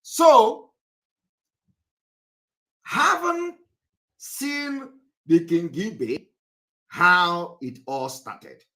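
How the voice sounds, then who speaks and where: A Nigerian man hosts a live online broadcast, addressing viewers directly in an emphatic, scolding way and repeating his points. His voice is high-pitched with a sharp tone. He speaks very slowly and pauses often.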